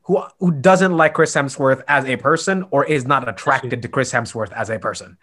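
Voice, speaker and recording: A man in casual chat as a podcast co-host, animated and laughing often. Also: medium pitch, normal speed.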